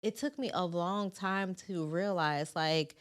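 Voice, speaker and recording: Woman, late thirties, podcast co-host, lowish voice, candid, supportive. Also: unhurried, smooth. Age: 30s. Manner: supportive, frequent short affirmations, candid. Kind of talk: casual chat.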